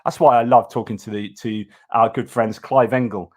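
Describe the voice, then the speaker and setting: A man hosting a news commentary livestream, reading headlines and reacting with animated, indignant asides and frequent restarts. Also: mid-range voice, normal speed.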